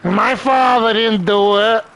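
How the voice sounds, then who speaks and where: Whiny new york girl, mobster's daughter, up high and pushy as a guy mocks her. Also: takes it slowly, gravelly, a bit bright, a little hiss or hum, heavily acted, poor audio. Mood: indignant.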